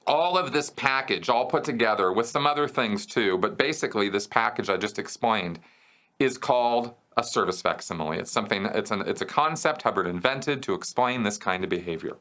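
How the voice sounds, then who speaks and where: Male host, bright clear tone, easy explanatory delivery, keeps asking "okay?". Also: on the low side. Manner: conversational, checks in with "okay?" and "right?". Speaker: host answering viewer questions. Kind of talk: explanatory casual talk.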